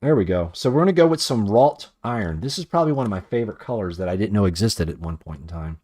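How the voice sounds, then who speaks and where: A man's voice: on the low side, animated, fast talker, darkish tone. A man casually talking while painting a toy in a cluttered workroom, rambling, swearing often and criticizing his own work. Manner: rambling, profane, self-critical muttering. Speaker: toy customizer.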